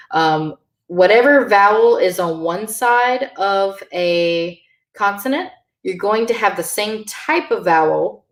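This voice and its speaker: Slow, patient woman teaching a language. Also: fairly low pitch, echoey room. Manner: patient, filler-heavy explaining with many ums. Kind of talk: online language lesson.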